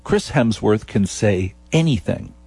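A radio host from New Jersey, a man with a New Jersey accent, talks playfully on air. His fairly low voice is gravelly and husky, and he keeps slowing down into a deep, seductive register. The studio sound is dry and close. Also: expressive, mellow, no room sound. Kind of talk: comic radio talk monologue.

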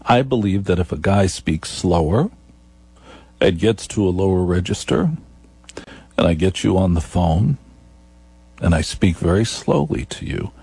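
A radio host from New Jersey, a man with a New Jersey accent, talks playfully on air. His fairly low voice is gravelly and husky, and he keeps slowing down into a deep, seductive register. The studio sound is dry and close. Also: animated, dark tone, no room sound. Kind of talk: comic radio talk monologue.

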